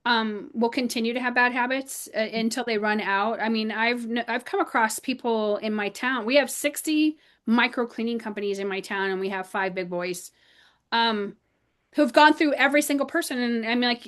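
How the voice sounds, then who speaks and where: A woman coaching cleaning business owners on a casual podcast, speaking bluntly and candidly. Her voice sits a bit higher than most women's. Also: moderate pace, fairly bright tone.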